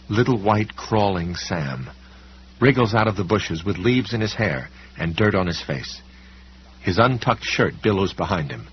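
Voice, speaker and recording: A male audiobook narrator with a deep, low voice who reads in a measured way, pausing for effect. The recording is dull and slightly muffled, with a faint hum in the background.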